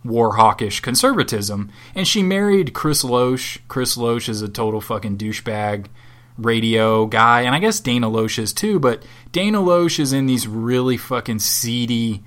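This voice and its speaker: A man's voice: mid-range voice, animated, unhurried, a bit bright. A man co-hosting a podcast from Southwest Florida, chatting casually in a rambling, sardonic and profane way. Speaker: podcast co-host. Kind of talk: casual chat.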